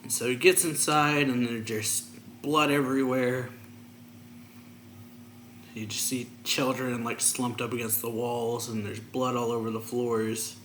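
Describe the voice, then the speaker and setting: A man's voice: mid-range voice, level tone, unhurried, a bit bright. Man recapping a story, roomy sound. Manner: loose, filler-heavy retelling. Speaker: manga reviewer. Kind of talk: casual chapter recap. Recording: roomy echo, faint ambient noise.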